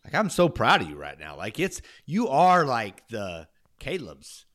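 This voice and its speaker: A man's voice: medium pitch, wildly swooping pitch, unhurried, fairly bright tone. A man talking enthusiastically and encouragingly in a casual faith conversation.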